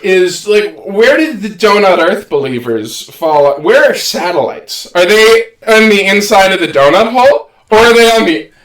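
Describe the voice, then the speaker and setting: A man's voice: high voice, very animated, moderate pace, few pauses, a bit bright, reverberant. A man co-hosting a podcast in casual chat, joking and rambling through half-finished thoughts. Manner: rambling, joking, trails off and restarts. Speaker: podcast co-host.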